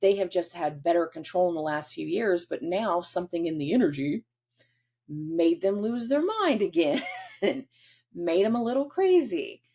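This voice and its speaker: A woman's voice: medium pitch, vocal fry, dark tone. A woman hosting a casual astrology forecast, chatty and acting out quoted dialogue in different voices.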